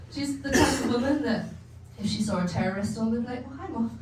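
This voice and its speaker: On a comedy club stage, a young female comedian from England speaks a little high and a little fast. Her set is chatty and self-deprecating, full of laughter as she plays out her family. The sound is distant and echoey, with a faint hum underneath.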